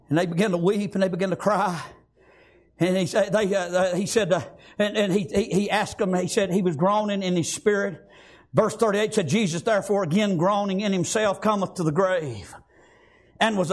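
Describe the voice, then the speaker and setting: A man preaching a fiery revival sermon in church, breaking into shouts and filling pauses with "amen" and "praise God.". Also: high voice.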